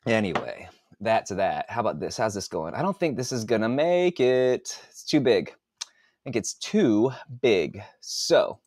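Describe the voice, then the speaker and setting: Rambling man in his forties, lively pitch. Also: dry recording, clean studio sound. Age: 40s. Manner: rambling, mutters to himself while working on a computer, swears freely. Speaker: author and podcast host. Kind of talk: casual live-stream chat while working.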